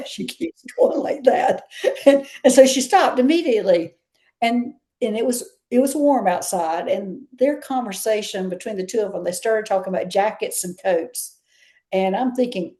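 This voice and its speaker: With lively intonation, a medium pitch, and a dark tone, a Southern US woman tells stories at a moderate pace during a casual interview. As the guest, she chats easily and often breaks into laughter.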